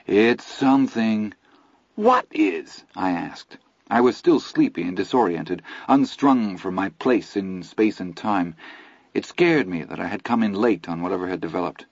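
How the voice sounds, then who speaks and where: Low-voiced male audiobook narrator. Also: moderate pace, creaky, a little mellow, no echo. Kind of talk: scripted first-person narration. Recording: dull lo-fi audio, dry.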